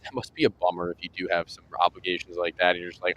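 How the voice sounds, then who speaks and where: A man's voice: deep voice, steady tone, very fast, hardly any pauses, a bit bright, low-quality recording. A man giving color commentary as an esports caster, laid-back and joking between analysis.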